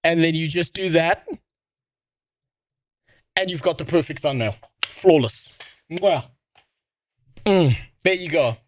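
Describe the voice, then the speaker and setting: A man's voice: a little high, slow, pauses often, no echo, studio quality. A man streaming casual reaction commentary, rambling and sarcastic with a lot of swearing.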